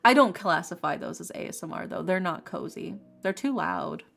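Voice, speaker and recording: A woman streamer and ASMR creator chatting casually with her viewers, animated and opinionated, laughing often. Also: fairly low pitch, normal speed, vocal fry. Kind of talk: casual chat on a livestream. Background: faint lofi music.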